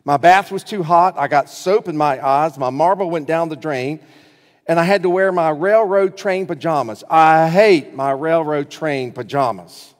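A man reading as a sulky little boy, slow and echoing. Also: a little high, lightly acted. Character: grumpy six-year-old boy with a bad day. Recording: long reverb of a large hall.

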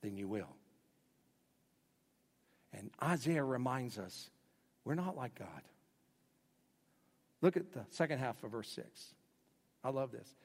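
A man preaching a sermon as pastor, dramatic, swinging between loud bursts and hushed lines. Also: mid-range voice, lively intonation, slow, pauses often, slightly rough, in a large hall.

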